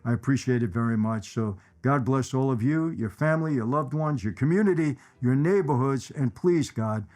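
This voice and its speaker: A man's voice: mid-range voice, lively intonation, moderate pace, darkish tone. A man hosting his own channel, chatting casually about favorite movie lines in a rambling way, repeating phrases for emphasis. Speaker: channel host. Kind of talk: casual movie commentary to viewers.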